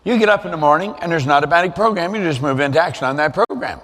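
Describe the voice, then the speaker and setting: A man's voice: a little high, animated, rapid-fire, fairly bright tone, in a large hall. An older man giving an emphatic motivational seminar talk, repeating his points for effect. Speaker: seminar speaker.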